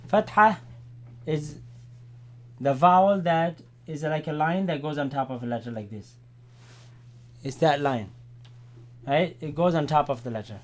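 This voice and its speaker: Quran teacher, man, unhurried and slightly high-voiced, patient step-by-step classroom delivery. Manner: repeats Arabic words slowly and loudly, checks in with "right?". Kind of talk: classroom Arabic lesson.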